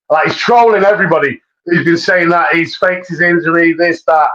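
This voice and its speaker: A man's voice: on the high side, brisk, few pauses, a bit bright. A man co-hosting a casual boxing podcast, blunt, sweary and full of slang. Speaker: podcast co-host. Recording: dull lo-fi mic.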